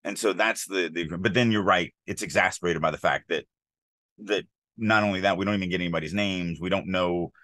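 A man co-hosting a podcast, discussing a writing submission in a casual, animated way, often acting out quoted lines. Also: sits low, brisk, dry recording. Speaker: podcast co-host.

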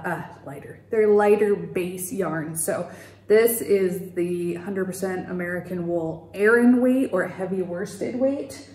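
Hosting a knitting podcast from home, a woman chats casually on video, drifting a little and dropping fillers and the odd laugh. Her voice is on the low side and a little mellow, echoing in the room.

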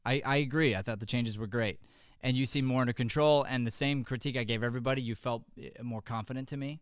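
A male acting teacher talks a student through notes on a video call. His voice is smooth and resonant, heard close and dry with no room sound, and he coaches with friendly restarts. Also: mid-range voice, steady tone, fast, no echo. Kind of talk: giving feedback on a video call.

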